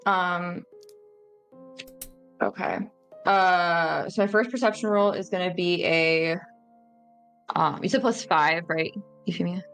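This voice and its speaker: A woman's voice: on the low side, fairly even intonation, takes it slowly, pauses often, fairly bright tone, faint music behind. A woman playing a tabletop game, chatting casually and hesitantly with lots of fillers. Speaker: player.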